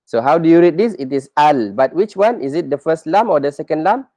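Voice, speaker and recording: A man's voice: fairly high pitch, lively intonation, a little fast, dark tone, no room sound. A man teaching a reading lesson, patiently saying each example several times and quizzing his learners as he goes.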